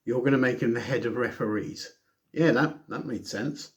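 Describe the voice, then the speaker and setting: A man's voice: mid-range voice, moderate pace, dull audio. A man casually reviewing a wrestling show on his own, rambling, correcting himself and making sarcastic asides.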